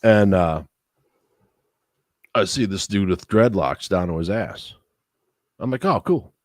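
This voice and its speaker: A man's voice: low-pitched, slow pace, dry recording, studio quality. A man telling a long story in casual chat as a podcast co-host, swearing freely and acting out the other people's lines. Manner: profane, animated storyteller acting out quotes.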